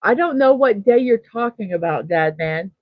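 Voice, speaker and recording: A middle-aged woman hosting a casual morning livestream, thinking aloud and reading out chat messages with soft laughs. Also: mid-range voice, animated, normal speed, dry recording, muffled recording. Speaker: host of a daily morning livestream.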